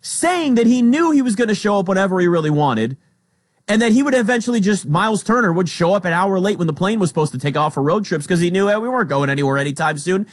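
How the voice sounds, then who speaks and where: A man hosting a sports talk show with a lively, swooping delivery and a slightly high voice. He argues emphatically, leaning hard on key words and rushing through asides. The sound is dry and close. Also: dry recording. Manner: emphatic, swings between loud emphasis and quick asides.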